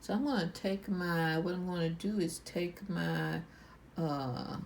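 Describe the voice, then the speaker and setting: Woman, quilting vlog host, slow unhurried delivery, rambling and repetitive, faint background hiss. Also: on the low side, vocal fry, warm tone, rough recording. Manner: slow, rambling, repeats herself. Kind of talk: casual show-and-tell vlog.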